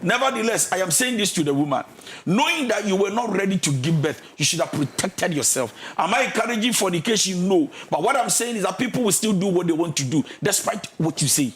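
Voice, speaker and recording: A man's voice: high voice, expressive, brisk, few pauses. A man with a Ghanaian accent giving marriage counselling advice in a preachy, emphatic way, mixing English with Twi. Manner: preachy, mixes English with Twi, emphatic, shouts and sings phrases. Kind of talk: radio counselling talk.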